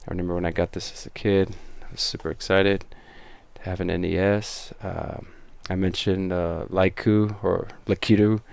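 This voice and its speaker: A man's voice: low-pitched, flat delivery, moderate pace, creaky, clear, resonant tone. A man, the show's creator and host, giving rambling behind-the-scenes commentary full of fillers and restarts.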